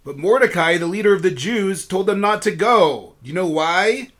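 A man's voice: high-pitched, expressive, normal speed, a bit bright, pitched above the performer's own voice. A man voicing an earnest, well-meaning young boy in a storybook tale, explaining eagerly.

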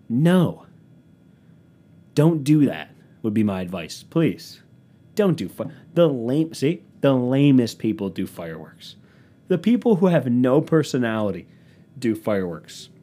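Sarcastic young man ranting at home. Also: mid-range voice. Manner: sarcastic, rambling, swings from loud to muttering. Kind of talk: rambling comedic monologue.

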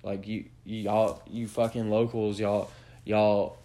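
Speaking slowly and flatly, this male podcast host lectures his audience in a blunt rant packed with swearing. His voice is lowish and dark.

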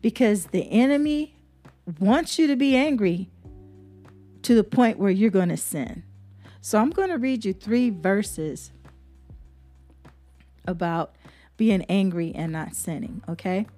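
A woman's voice: medium pitch, expressive, slow, pauses often, dark tone, faint music behind. A woman hosting a devotional podcast, reading Bible verses and preaching in an earnest, repetitive way. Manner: earnest, preacherly, repeats herself for emphasis. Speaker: podcast host.

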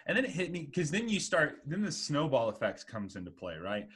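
A man's voice: a little high, very animated, fairly quick, fairly bright tone, husky. Rambling man in his twenties. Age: 20s. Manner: rambling, heavy use of "like" and "you know". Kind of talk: casual podcast conversation.

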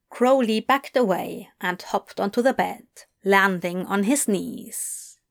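A woman narrating a romance story in an unhurried, expressive reading voice. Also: medium pitch, vocal fry. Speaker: story reader. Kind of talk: audiobook narration of fan fiction.

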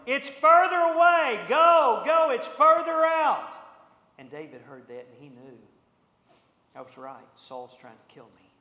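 A man preaching a sermon, telling a story with lively energy and acting out the characters' lines. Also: a little high. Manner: animated, acts out the characters' lines. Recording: echoey hall with long reverb.

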